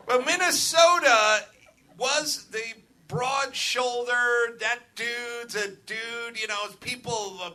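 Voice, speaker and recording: A middle-aged man hosting a live comedy podcast from a club stage, ranting with profanity and building to shouts. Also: high-pitched. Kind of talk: live stand-up style rant.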